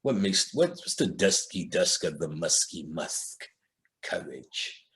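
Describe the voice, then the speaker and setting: A man's voice: deep voice, very animated, takes it slowly, a bit bright. A male occult lecturer talking in a casual, streetwise and profane way, telling stories and mimicking other people's voices.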